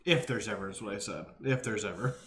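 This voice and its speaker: A man's voice: lowish voice, fast talker, fairly bright tone. A young Canadian man with a Canadian accent, co-hosting a casual podcast chat, often hesitating and trailing off. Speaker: podcast co-host. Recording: echoey room.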